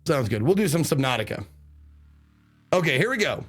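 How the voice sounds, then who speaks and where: A man streaming a game live, chatting excitably, swearing casually and reading the game's text aloud. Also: medium pitch, a little fast. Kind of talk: live let's play commentary.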